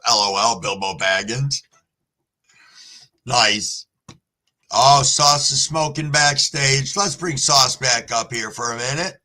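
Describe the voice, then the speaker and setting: Slow-talking man hosting a live stream. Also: mid-range voice, pushed and bright. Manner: laid-back, profane, apologetic. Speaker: livestream host. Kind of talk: casual livestream chat.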